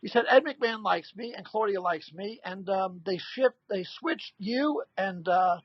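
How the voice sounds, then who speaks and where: A man in his sixties, a comedian guest, telling stories in a lively way and acting out the people in them. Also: high voice, unhurried, no room sound, lo-fi sound. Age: 60s. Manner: animated anecdote-telling, acts out quoted voices. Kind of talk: storytelling in a casual interview.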